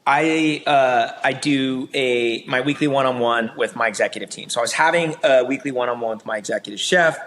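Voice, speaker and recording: A man on a podcast as a guest, telling stories in a lively, conversational way with frequent fillers and easy laughs. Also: medium pitch. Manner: animated, quick to laugh, lots of "like" fillers. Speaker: podcast guest, hospitality business owner. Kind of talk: conversational storytelling.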